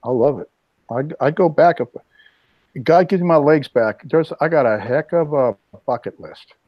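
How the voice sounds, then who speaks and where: A man in his sixties hosting a casual video chat, telling rambling stories with lively asides. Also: on the high side, normal speed, no echo. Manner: rambling storyteller, animated asides. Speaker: host. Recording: dull lo-fi dry sound.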